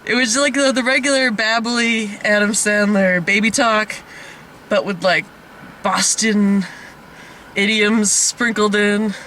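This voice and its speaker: A man's voice: sits high, pushed and bright, a little hiss or hum. A man hosting a casual comedic movie review, rambling along and laughing often. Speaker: host of a movie review podcast.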